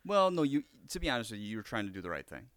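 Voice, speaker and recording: A man co-hosting a podcast, chiming in with quick, chatty remarks in a casual conversation. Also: fairly low pitch, sing-song, fairly bright tone, dry recording, studio quality. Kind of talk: casual chat.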